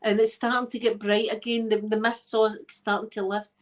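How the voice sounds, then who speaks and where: A woman's voice: a little high, flat delivery, moderate pace. A Scottish woman, an ASMR creator, chatting casually to her viewers as she tells a story, laughing often and checking in with "right?". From Scotland.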